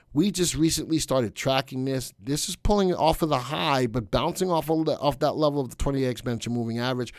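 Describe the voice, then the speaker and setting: A man's voice: medium pitch, no room sound, studio quality. A middle-aged man hosting a live stock analysis stream, talking casually through charts and chatting with viewers. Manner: relaxed, chatty, reads live chat aloud. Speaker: stock market analyst host.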